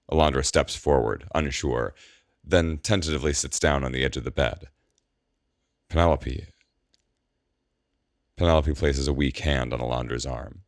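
A man narrating a story in a measured, even audiobook style. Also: rumbling low, dry recording, clean studio sound.

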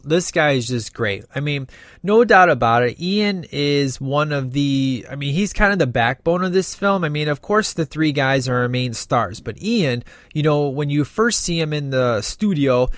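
A man's voice: mid-range voice, fairly bright tone, dry recording. A man giving a casual, opinionated spoken movie review, rambling with many fillers and restarts.

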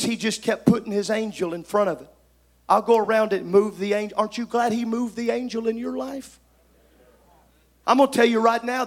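A man preaching a sermon, emphatic, swinging from shouted lines to soft asides. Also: very high voice.

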